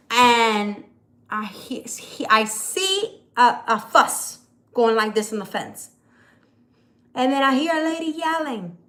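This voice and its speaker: A woman's voice: a little high, fairly bright tone. A woman hosting a casual live vlog from home, telling a story in an exasperated, rambling way. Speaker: creator hosting a live video. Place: at home, hot day.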